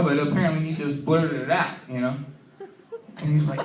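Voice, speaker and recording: Rambling, profane stand-up comic in a roomy club. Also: male voice, a little high, fairly even intonation, a little fast, background noise. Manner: rambling, profane, heavy with "you know". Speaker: stand-up comedian. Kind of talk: open mic stand-up. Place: comedy club stage. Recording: roomy club sound from a distant mic.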